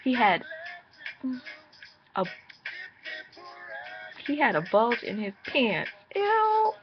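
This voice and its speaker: A young woman telling a story in a casual vlog, chatty and animated, laughing and jumping high when exasperated. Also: drawn-out words. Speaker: vlogger. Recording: muffled with music playing behind.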